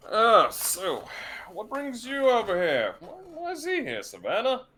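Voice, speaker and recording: A man's voice: extremely high pitch, huge pitch swings, unhurried, sharp tone, pitched above the performer's own voice, exaggerated voice. A man voicing a suave, doting older crime boss who talks to people in a patronizing, theatrical way. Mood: genial.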